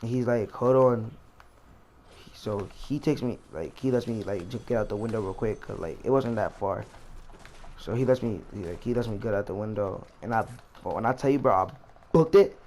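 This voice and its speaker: A young man tells a long, rambling story while he plays a game, full of slang and restarts. His voice sits fairly low. Faint background noise runs under the recording. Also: fairly quick, a little mellow. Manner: rambling, slangy, repeats himself. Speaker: vlogger. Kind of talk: casual storytime while gaming.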